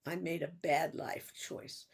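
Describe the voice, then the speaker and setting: An older woman in a personal vlog, talking in a halting, reflective way with sighs and restarts. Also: sits low, steady tone, gravelly, breathy edge. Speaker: vlogger.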